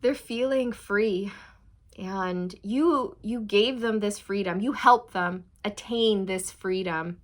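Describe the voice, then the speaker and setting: A young adult woman giving a slow, soothing channeled tarot reading, speaking straight to her viewers. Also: mid-range voice. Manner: slow, soothing, spiritual, addresses viewers as you guys. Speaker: tarot reader.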